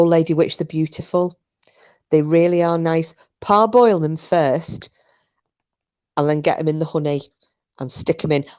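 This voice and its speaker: A woman's voice: low voice, a little mellow. A woman hosting a live chat with viewers, talking bluntly and casually, swearing freely. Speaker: livestream host chatting with viewers.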